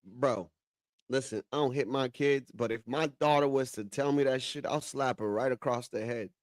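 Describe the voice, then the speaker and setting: A man's voice: mid-range voice, normal speed, no echo, studio quality. A man hosting a casual commentary show, reacting to clips with profane, heated, rhetorical ranting. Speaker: show host.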